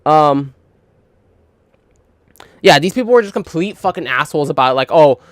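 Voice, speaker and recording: A man's voice: a little high, animated, normal speed, a bit bright, no echo, clean studio sound. A young man telling work stories in a casual, profane, rambling monologue full of fillers and retold dialogue. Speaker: gaming channel host.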